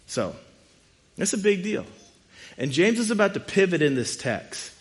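A man's voice: high-pitched, very animated, a little slow. A man preaching a sermon to a live congregation in a room, talking conversationally with humor and rhetorical questions. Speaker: pastor.

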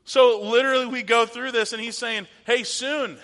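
A man's voice: extremely high pitch, little pitch movement, fairly quick, a bit bright. A man in his thirties giving a conversational sermon as a pastor, asking the audience rhetorical questions. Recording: long hall reverb.

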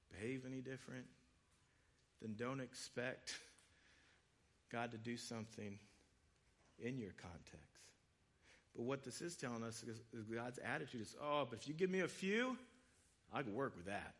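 A man's voice: mid-range voice, a bit bright. A man preaching a sermon in a conversational way, acting out quoted voices. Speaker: pastor.

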